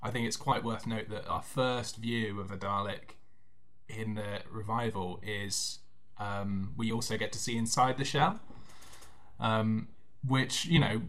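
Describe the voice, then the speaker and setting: A man's voice: on the low side, a bit bright. A man from the south of England, co-hosting a casual podcast chat, hesitant with many restarts. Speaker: podcast co-host.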